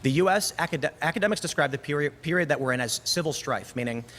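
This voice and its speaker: A man making measured, hedging arguments in a debate clip being played back. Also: a little high, animated, a bit bright. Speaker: debate guest.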